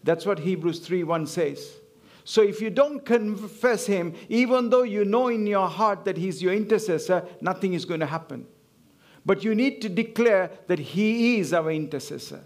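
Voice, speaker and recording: A man with a high-pitched voice preaches a sermon. He talks in emphatic, repeating phrases and calls on the congregation to answer him. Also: expressive, normal speed. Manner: emphatic, repetitive call-and-response preaching.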